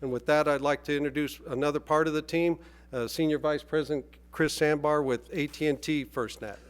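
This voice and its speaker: A man delivers a formal, measured speech from a podium. His voice sits a little high for a man, and he pauses now and then with a hesitant "uh.". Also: fairly even intonation, slight background noise. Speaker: executive speaking at a press event.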